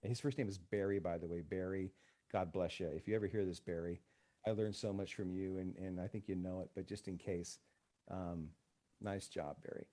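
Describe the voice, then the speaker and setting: A man with a deep, warm voice speaks at a moderate pace with fairly even intonation. He's a counselor appearing as a guest in a casual podcast conversation, telling stories the way one would on relaxed radio and acting out the quoted dialogue.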